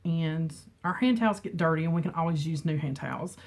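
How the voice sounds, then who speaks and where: Middle-aged woman, beauty vlogger, casual and emotional, a bit low-pitched, home camera mic. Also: a little fast. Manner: chatty, emotional, laughs often. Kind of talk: casual chat. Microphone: camera mic with ring light.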